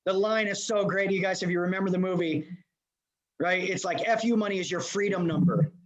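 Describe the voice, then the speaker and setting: A man from Los Angeles giving an energetic motivational seminar talk as a leadership coach, speaking directly to his audience. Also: high voice, a little fast. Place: remote presentation to a live room. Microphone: video call.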